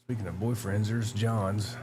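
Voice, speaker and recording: Low-voiced, cursing man over background noise. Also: steady tone, measured pace, dark tone. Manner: laid-back and profane. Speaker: livestream co-host. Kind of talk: casual chat.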